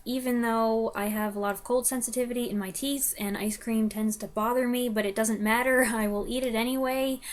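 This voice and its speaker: A young woman vlogger chatting to the camera, self-deprecating and laughing often. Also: fairly high pitch. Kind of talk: casual chat to camera.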